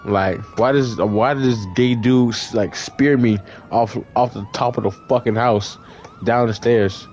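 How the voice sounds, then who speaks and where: A man's voice: steady tone, unhurried, a little mellow. A young man telling a long story in casual chat, rambling with lots of fillers and acting out the people in it. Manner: rambling, heavy on fillers, acts out others in high voices.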